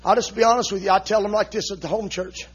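A man preaching an impassioned, emotional sermon, shouting rhythmic lines and punctuating them with "uh, amen.". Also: high voice, fairly even intonation, fast, husky, lo-fi sound. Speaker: visiting preacher.

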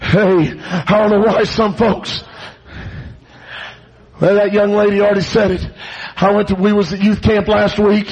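Preacher guy, real high gravelly voice, hollering his sermon over the radio. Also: rough recording. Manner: impassioned, shouting refrains. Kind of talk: fiery revival sermon.

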